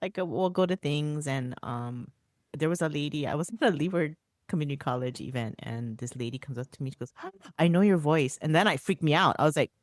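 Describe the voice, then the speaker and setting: A woman co-hosting a podcast, chatting casually and telling animated stories, acting out quoted lines and laughing often. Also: low-pitched, quick pace, no echo, studio quality. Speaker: podcast co-host. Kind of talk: casual chat.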